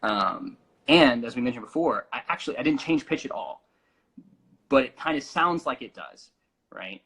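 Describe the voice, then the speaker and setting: Young male vocal coach, casual teacher with lots of ums, bright edge, a little husky. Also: mid-range voice, lively intonation, normal speed, poor audio. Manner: explains with demonstrations, many fillers.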